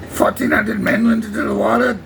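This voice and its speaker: A man doing a comic impression of a gruff, hard-bitten older sea captain, bellowing and salty. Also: high-pitched, flat delivery, brisk, fairly bright tone, a little hiss or hum, heavily acted. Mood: grim.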